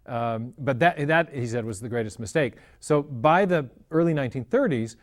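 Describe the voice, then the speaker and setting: A man explaining cosmology in a measured lecture style, often restarting his phrases as he works through an idea. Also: mid-range voice, expressive.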